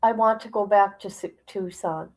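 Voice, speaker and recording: A woman's voice: mid-range voice, steady tone, normal speed, low-quality recording. A woman hosting a casual livestream, chatting colloquially, reading viewer comments aloud and laughing often. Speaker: livestream host.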